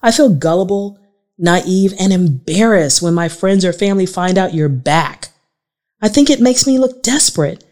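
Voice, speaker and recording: A woman's voice: medium pitch, darkish tone. Southern woman reading her confessional memoir. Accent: Southern American. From Southern United States. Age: 40s. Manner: emotional, confessional. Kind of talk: audiobook memoir narration.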